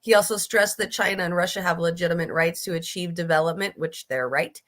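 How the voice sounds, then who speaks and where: A woman's voice: lowish voice, fairly quick, fairly bright tone. A woman giving casual, blunt political commentary, emphatic and swearing freely, often restarting her sentences. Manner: restarts and fillers, riled up.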